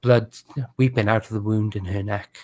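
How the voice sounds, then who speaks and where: A man who narrates as game master, describing scenes in a halting way with many restarts. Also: lowish voice, steady tone, a little mellow.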